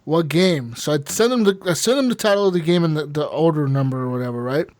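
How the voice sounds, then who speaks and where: A man with a high voice co-hosts a gaming podcast, spinning a rambling, profane story full of restarts and swearing. His voice sits close and dry on the mic, with no room sound around it. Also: quick pace, darkish tone, dry recording. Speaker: podcast co-host. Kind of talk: casual chat.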